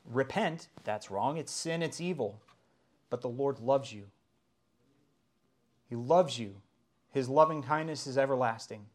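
A man's voice: medium pitch, measured pace, long pauses. A middle-aged man preaching a sermon as pastor, earnest and rising to emphatic exclamations.

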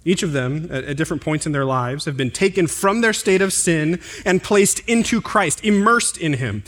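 A male pastor preaching a sermon, climbing to emphatic, higher-pitched stresses on key points and dropping low and quiet for asides and scripture references. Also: animated, normal speed, hardly any pauses. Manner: drops to a quieter, lower tone for asides and reading references.

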